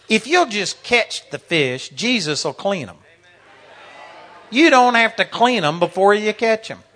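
Bright high-voiced preacher in his sixties. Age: 60s. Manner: animated storytelling, laughing through anecdotes. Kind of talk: sermon.

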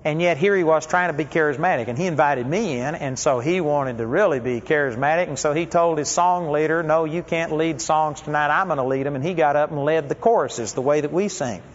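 A man's voice: on the high side, brisk, hardly any pauses. A man preaching a sermon, telling stories in a conversational, folksy way. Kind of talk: storytelling sermon. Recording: dull lo-fi recording with long hall reverb.

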